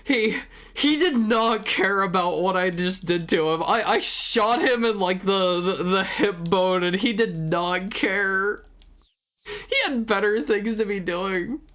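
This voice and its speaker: Guy streaming a game, bit raspy from being sick, slow talker but freaks out and yelps, stammers a lot. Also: sits high. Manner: excitable, yelps and panics, stammers and restarts often. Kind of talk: live gameplay commentary.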